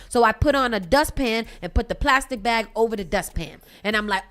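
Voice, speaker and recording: A woman co-hosting a morning radio show, telling stories with animated energy and acting out voices. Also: a little high, moderate pace, few pauses, soft background music. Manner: animated storyteller, acts out voices. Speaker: radio co-host. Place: radio studio.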